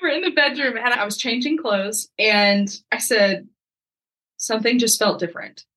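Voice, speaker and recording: A young woman, a podcast guest, telling a story in a lively, casual way and acting out the lines of the people in it. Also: a little high, moderate pace, rough recording. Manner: lively, acts out quoted dialogue.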